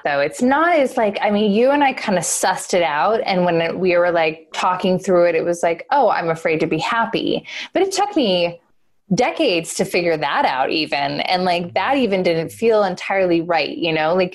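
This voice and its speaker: A woman talking casually and earnestly on a podcast about her own experience, full of "like" and filler. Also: lowish voice. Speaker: guest, host's wife.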